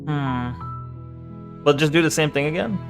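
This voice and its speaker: A man's voice: fairly high pitch, a little slow, over music. A man streaming a game, chatting casually with viewers, joking and swearing as he plays. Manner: joking, profane, laughs often, reads game text aloud. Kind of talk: casual gaming commentary.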